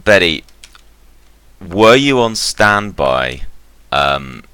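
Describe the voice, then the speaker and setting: An eager factory foreman, proud of his machine, played by a man. He speaks in quick bursts with fillers, his voice low and bright. The sound is dry and close. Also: sing-song, clear, resonant tone, dry recording, heavily acted. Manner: hurried, hesitant, with fillers.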